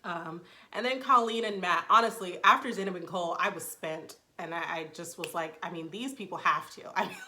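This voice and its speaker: Woman reviewer, bright tone, chatty recap delivery with frequent fillers. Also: on the low side, a little fast, few pauses. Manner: chatty and expressive, with frequent "like" and "um" and vivid reactions. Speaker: TV show reviewer, channel host. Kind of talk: casual spoken recap and review.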